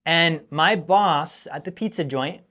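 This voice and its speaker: A man's voice: a little high, takes it slowly, pushed and bright. A man hosting a finance show, teaching straight to the audience in an emphatic, scolding way that repeats points for stress. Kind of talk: direct-to-camera teaching monologue.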